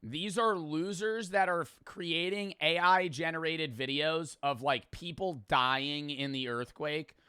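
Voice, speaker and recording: A man's voice: fairly high pitch, a little slow, hardly any pauses, sharp tone, clear, resonant tone, no room sound, studio quality. A young man streaming, giving casual, profane reaction commentary full of slang and laughing asides.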